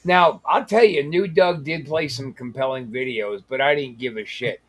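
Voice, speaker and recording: A man's voice: mid-range voice, normal speed, slight background noise. A man hosting a casual comedy show, talking in a sarcastic, teasing and profane way. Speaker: host.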